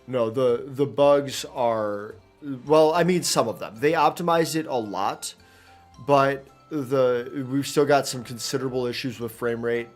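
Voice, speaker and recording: A man's voice: mid-range voice, a little slow, soft background music. Chatty male streamer, rambling commentary. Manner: rambling, chatty, with many fillers and restarts. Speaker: gaming streamer. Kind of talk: casual live gameplay commentary.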